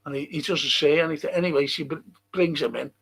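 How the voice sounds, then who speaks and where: A man's voice: on the high side, fairly even intonation, fast talker, gravelly, a bit bright, breathy edge. An older man hosting a livestream, rambling casually, swearing and chuckling as he reads out viewer comments. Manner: rambling and profane, chuckling often. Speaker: livestream host.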